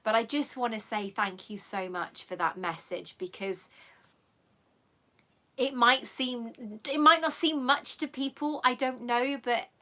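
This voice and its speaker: A woman's voice: fairly high pitch, unhurried, pushed and bright. A woman hosting a live stream, chatting affectionately with viewers in a rambling, emotional way and coming close to tears. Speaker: channel host.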